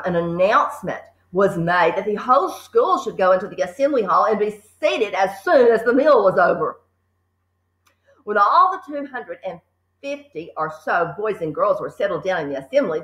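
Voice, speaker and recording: A woman teacher reading a children's book aloud, adding lively asides to her listeners. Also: medium pitch, echoey room, poor audio.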